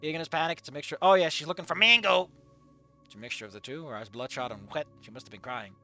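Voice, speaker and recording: A man reading fanfiction aloud and breaking off into comedic asides, swearing freely and quick to laugh at the text. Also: a little high, sharp tone, soft background music. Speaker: fanfiction reader and commentator.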